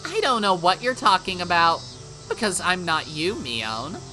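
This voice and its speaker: A woman voicing a sharp-tongued teenage girl who mocks and scolds her twin, reading a visual novel aloud with faint music behind. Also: on the low side, very animated, a little slow, heavily acted, poor audio. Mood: contemptuous. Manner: cutting, mocking, bitter.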